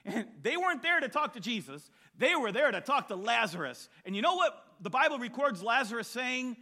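A man delivers a sermon in a high, bright voice. His pitch leaps and dips as he tells the Bible story with lively energy. He acts out the voices of the people in the story as he goes. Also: a little fast. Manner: animated storytelling, acting out voices of biblical characters. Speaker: preacher.

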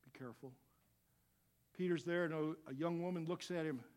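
Animated preacher man, fairly high voice. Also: normal speed. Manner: animated, swings from quiet asides to loud shouts. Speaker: pastor. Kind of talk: sermon.

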